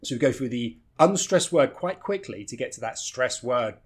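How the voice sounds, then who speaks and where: A British man giving a pronunciation lesson as a teacher, demonstrating sounds with deliberate, exaggerated enunciation. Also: medium pitch, animated. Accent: British English.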